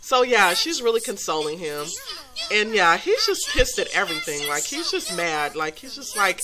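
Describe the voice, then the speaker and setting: With a crowd audible behind her, a woman talks at a moderate pace in a mid-range voice full of big pitch swings. She's a let's play host narrating a life-sim story, offering casual, gossipy commentary with giggles and frequent fillers.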